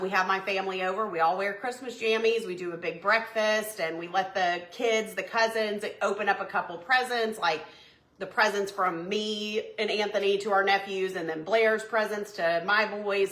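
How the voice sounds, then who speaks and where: A woman's voice: mid-range voice, moderate pace, fairly bright tone, echoey room. A woman, chatting with viewers while baking in her home kitchen, flustered and talkative. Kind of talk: casual chatty cooking livestream.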